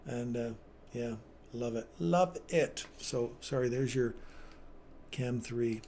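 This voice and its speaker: Taking things slowly in a warm, medium-pitched voice, this trading livestream host in his fifties keeps an upbeat chat going and reads out comments from viewers. The sound is reverberant, with a bit of background noise.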